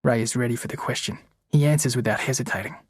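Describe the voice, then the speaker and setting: A man narrating an audiobook chapter in a steady, measured reading. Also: medium pitch, husky, dry recording, studio quality. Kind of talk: scripted narration.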